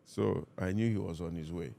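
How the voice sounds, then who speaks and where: A Nigerian pastor, a man, calmly telling a personal story in conversation and acting out what each person said. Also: deep voice, vocal fry. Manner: calm, measured, reenacts dialogue.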